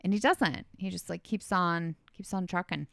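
A woman chatting casually, reflecting in a relaxed, agreeing way. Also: fairly low pitch, moderate pace, vocal fry, no room sound, studio quality. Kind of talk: casual chat.

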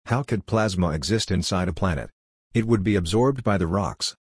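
A man's voice: sits low, expressive, normal speed, breathy edge, no echo, studio quality. A man reading as a confused, short-tempered man. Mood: bewildered. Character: confused, irritable man losing his temper.

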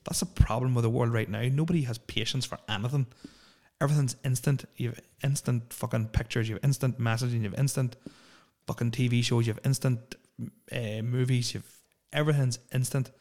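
A man in his thirties hosts a solo podcast, rambling through profane, opinionated rants. His voice sits at an ordinary pitch and stays monotone, barely rising or falling as he swears his way from one gripe to the next. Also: a little fast. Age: 30s. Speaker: podcast host.

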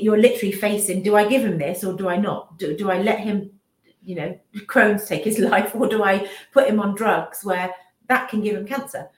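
A woman in her fifties giving a candid, emotional personal account in an interview, often restarting her sentences and acting out what others said. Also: mid-range voice. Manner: emotional, restarts sentences, acts out remembered speech. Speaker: business owner and mother, interview guest. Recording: roomy echo.

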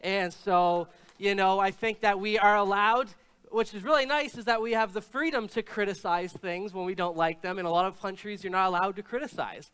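A man preaching a sermon as pastor, telling stories in a relaxed, conversational way with frequent hesitations. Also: high voice, normal speed, clean tone. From Canada.

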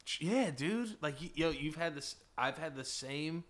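A man's voice: a little high, expressive, measured pace, fairly bright tone. A man in his thirties co-hosting a comedy podcast, riffing with crude, rambling, playful banter. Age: 30s. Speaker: podcast co-host.

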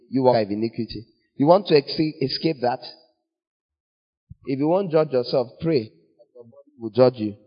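A man preaching a sermon in an animated way, acting out little scenes in other voices. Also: mid-range voice. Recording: dull long reverb of a large hall.

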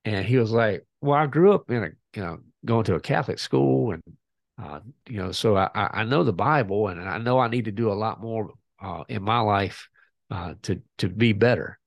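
Gravelly man telling a story. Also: lowish voice, normal speed, no echo. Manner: animated, acts out both sides of a conversation. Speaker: podcast guest. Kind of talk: casual storytelling.

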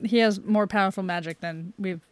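A woman's voice: medium pitch, steady tone, a little fast, no echo. A woman co-hosting a podcast, chatting casually about movies with lots of "like" and easy laughter. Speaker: podcast co-host.

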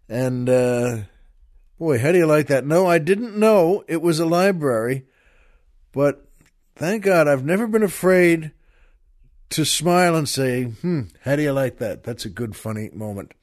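An older man with a slightly high voice hosts his show and tells a long story in a loose, rambling way. He laughs at his own tale as he goes, in a casual storytelling monologue. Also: darkish tone. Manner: rambling, self-amused, laughs through his own anecdote. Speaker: podcast host.

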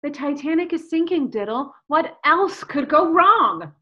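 An actress playing a greedy, entitled young newlywed with profane, theatrical outbursts in a comedic audio drama. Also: female voice, high voice, lively intonation, measured pace, pushed and bright, lo-fi sound, exaggerated voice. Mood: scheming.

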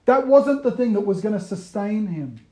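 A man giving a conversational sermon, moving between loud emphasis and quiet, hushed retellings. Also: sits high, expressive, moderate pace. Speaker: preacher.

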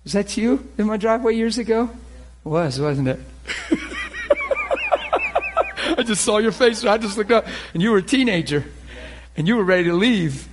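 Man, middle-aged, preacher, high voice, conversational sermon, acts out dialogues, laughs often. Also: wildly swooping pitch, normal speed, pauses often, slight background noise.

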